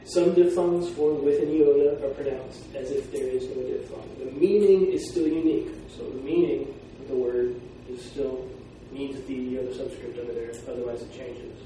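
A man teaching a Greek class, explaining pronunciation and sounding out words slowly. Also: medium pitch, steady tone, dark tone. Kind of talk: classroom lecture. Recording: echoey room from far off, faint noise.

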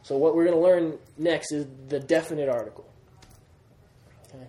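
Male teacher, fairly high voice, patient explainer, reverberant room sound. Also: steady tone, normal speed, mellow. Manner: patient, repeats key points and checks understanding. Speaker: Greek teacher. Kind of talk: classroom grammar lesson. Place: classroom. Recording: roomy classroom sound.

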